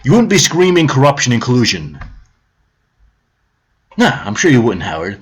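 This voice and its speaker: A man's voice: medium pitch, big pitch swings, moderate pace, pauses often, slightly rough. A man ranting on a live stream about politics, heated, sarcastic and profane, repeating his points.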